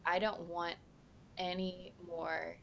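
A woman's voice: fairly low pitch, level tone, takes it slowly, vocal fry, a little hiss or hum. A woman playing a tabletop game, arguing impassionedly in character. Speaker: player. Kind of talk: in-character tabletop role-play.

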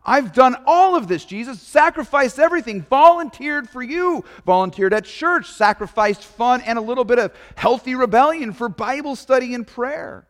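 A man's voice: extremely high pitch, expressive, normal speed, few pauses, in a large hall, pitched above the performer's own voice. A man voicing a proud, indignant male apostle who boasts and pleads about what he has earned. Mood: boastful.

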